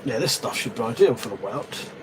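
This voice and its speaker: A man's voice: mid-range voice, animated, brisk, background noise. A man hosting a casual live stream from his shed, rambling and swearing offhandedly as he chats to viewers. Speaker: livestream host. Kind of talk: casual live-stream chat while crafting. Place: shed, outdoors.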